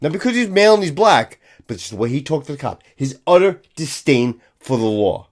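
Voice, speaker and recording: A man's voice: on the high side, sing-song, fairly quick. A man, a police officer giving a profane, scornful ranting commentary.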